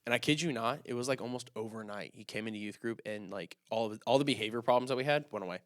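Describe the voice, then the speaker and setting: Young male podcast co-host, animated storyteller, dry close mic. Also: lowish voice, fast talker, no room sound. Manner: animated, acts out quoted dialogue. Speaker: youth pastor, podcast co-host. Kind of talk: casual storytelling.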